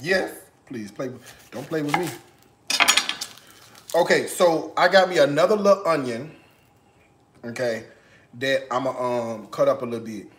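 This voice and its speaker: Playful sassy guy cooking at home, slow easy talk, kinda echoey kitchen. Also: medium pitch, background noise. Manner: playful, sassy, bursts into song. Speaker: cooking show host. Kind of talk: casual cooking vlog chat.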